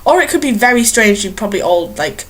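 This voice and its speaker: A woman's voice: medium pitch, animated, fast talker, a bit bright. A young woman chatting casually to a webcam in a small bedroom, rambling and giggling at herself. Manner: rambling, giggly, self-mocking. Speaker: vlogger. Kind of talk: casual chat to camera.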